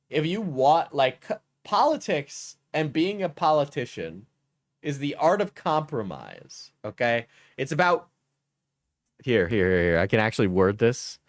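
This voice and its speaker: A man's voice: on the high side, dry recording. New York guy riffing on stream, mocking and crude, very dry mic. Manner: crude, mocking, talks over the video. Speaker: streamer reacting to a video. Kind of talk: casual live-stream commentary.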